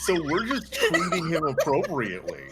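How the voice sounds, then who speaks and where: A man's voice: on the high side, huge pitch swings, moderate pace, over loud music. A man playing a tabletop game, swearing and laughing as he talks. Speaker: player.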